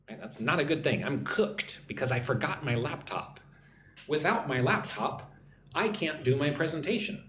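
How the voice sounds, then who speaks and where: A man teaching English on a live stream, chatting as he reads out viewer comments and explaining slang with slow example sentences. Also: fairly high pitch, big pitch swings. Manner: chatty, reads viewer comments aloud and greets them in their languages. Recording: roomy echo with faint background hum.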